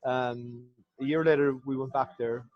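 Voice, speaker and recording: A man's voice: medium pitch, fairly even intonation, normal speed, lo-fi sound. Guy on a podcast, rambling and heartfelt, swears a lot, mid voice. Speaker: podcast guest, former rugby player. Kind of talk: casual chat.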